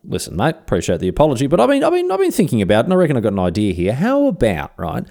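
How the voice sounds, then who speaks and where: A man's voice: mid-range voice, wildly swooping pitch, rapid-fire, creaky, warm tone. A man voicing a young Viking king as a matey bloke, slangy and persuasive.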